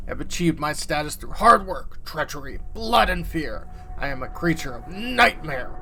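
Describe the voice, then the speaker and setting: Towering male demon read by a man, measured, menacing, grandiose, gravelly, bright tone. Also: a little high, big pitch swings, a little hiss or hum, heavily acted. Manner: slow, measured, grandiose delivery. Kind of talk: game dialogue read aloud.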